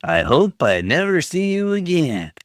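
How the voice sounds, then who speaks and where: This streamer reads his chat aloud and reacts with playful teasing toward viewers. His voice is on the high side with huge pitch swings, a little slow, in a dry, studio-quality recording.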